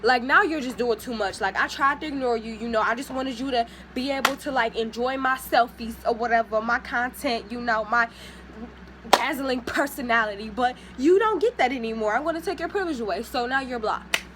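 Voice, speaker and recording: A young woman tells a casual vlog story in a slightly high voice. She is sassy and animated and acts out what other people said. A faint ambient noise sits under her voice. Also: moderate pace. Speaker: vlogger.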